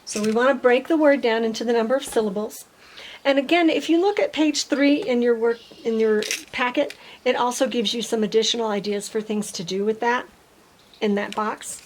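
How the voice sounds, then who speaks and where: A middle-aged woman speech teacher giving parents a patient step-by-step tutorial, modeling simple sentences slowly. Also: a little high, slight background noise, low-quality recording.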